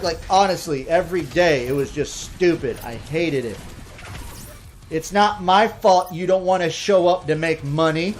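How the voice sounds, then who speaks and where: A man giving comedic let's-play commentary, ranting and swearing in an animated way. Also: fairly high pitch, a little slow, a little hiss or hum. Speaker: gaming commentator.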